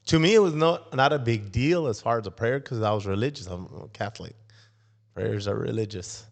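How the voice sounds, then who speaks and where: A man's voice: lowish voice, sing-song, normal speed. A middle-aged man telling his personal faith testimony as a podcast guest, acting out the dialogue with a raised voice. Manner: storytelling, acts out dialogue in raised voice.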